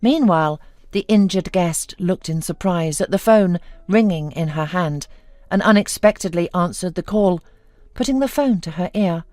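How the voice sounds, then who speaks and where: A woman narrating a scripted story in a low, even voice. The read is dry and close to the mic, with faint music underneath. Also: moderate pace, dry recording.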